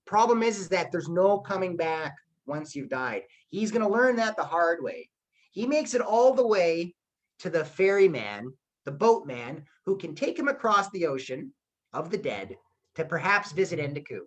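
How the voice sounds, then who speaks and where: Male teacher, playful storyteller, very lively pitch, online class. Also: moderate pace, poor audio. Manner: animated, playful retelling. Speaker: history teacher.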